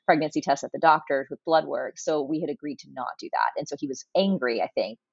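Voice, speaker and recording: A woman in her forties with a low, husky voice, talking in a chatty, animated interview. Her sound is dry and a little dull and muffled. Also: fast talker, dry recording. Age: 40s. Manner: chatty, animated storytelling with many fillers. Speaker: guest. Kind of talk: casual conversational interview.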